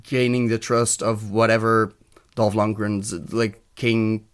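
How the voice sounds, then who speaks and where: A man's voice: on the low side, level tone, slow, smooth. A man from Europe co-hosting a podcast, giving a frank, sardonic film review in casual chat, swearing freely. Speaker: podcast co-host.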